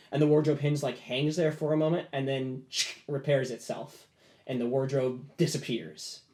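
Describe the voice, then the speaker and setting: A man's voice: on the high side, a little mellow. Rambling man narrating a tabletop game. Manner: rambling, restarts descriptions. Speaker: game master.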